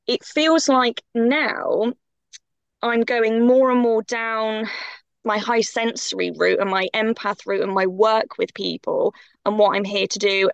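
A woman's voice: medium pitch, vocal fry, no room sound. A woman guest on a podcast, talking in an impassioned, emphatic way. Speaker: guest coach. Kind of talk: podcast conversation.

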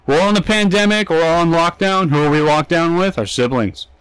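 A man's voice: fairly high pitch, fairly quick, a bit bright, clear, resonant tone, no room sound, poor audio. A young man co-hosting a comedy podcast, ranting and swearing freely. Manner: ranting, profane, riffing. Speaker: podcast co-host. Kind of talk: crude comedic chat.

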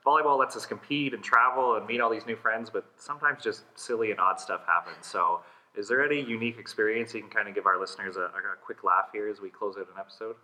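A man's voice: on the low side, fast talker, pushed and bright, poor audio. A man hosting a podcast, talking with guests in an upbeat way and laughing along with them. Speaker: podcast host. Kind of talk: casual podcast interview.

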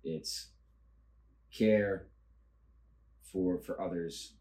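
Deep, mellow, earnest man. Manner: earnest, halting, searches for words. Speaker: podcast co-host. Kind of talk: casual chat. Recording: echoey room.

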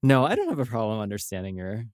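Easygoing American male interviewer, lowish voice, dry room. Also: wildly swooping pitch, fast talker, darkish tone, no room sound. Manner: laid-back, laughs easily, brief replies. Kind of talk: casual interview chat.

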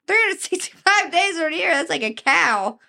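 A young woman chats casually as a podcast co-host, her high voice carrying a gravelly edge. She jokes crudely and keeps breaking into laughter. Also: animated, moderate pace, pushed and bright. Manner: laughs often, crude and joking. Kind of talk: casual chat.

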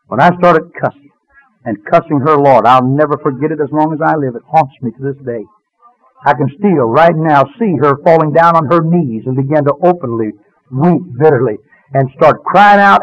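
Guy telling his story from the heart, goes quiet and low at the hard parts, muffled dry radio. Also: fairly quick, no echo. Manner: earnest storytelling, dropping low and soft at painful moments. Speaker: testifying speaker. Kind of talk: spoken personal testimony. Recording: dull dry radio sound.

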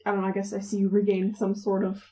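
A woman's voice: mid-range voice, monotone, fast, very noisy. A woman chatting casually as a player in a tabletop game, giggly and a bit hesitant.

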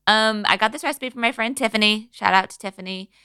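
A woman co-hosting a podcast, chatting casually and rattling off a recipe list in a quick, giggly way. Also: mid-range voice, bright, forceful tone, smooth, no room sound, clean studio sound. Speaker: podcast co-host. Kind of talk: casual chat.

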